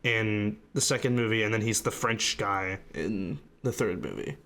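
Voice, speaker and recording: A young man co-hosting a casual movie review podcast, quick and enthusiastic, often laughing. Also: fairly low pitch, a bit bright. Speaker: podcast co-host.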